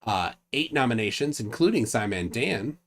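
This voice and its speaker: A man's voice: mid-range voice, lively intonation, normal speed. A man hosting a casual livestream call, reading out lists of nominations with frequent restarts. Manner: rambling, restarts, reads out lists. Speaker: livestream host.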